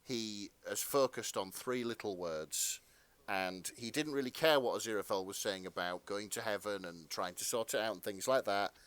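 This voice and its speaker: A man's voice: fairly low pitch, normal speed, clear, resonant tone. Man casually reading fan fiction aloud. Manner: relaxed storytelling with swearing and asides. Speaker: podcast co-host.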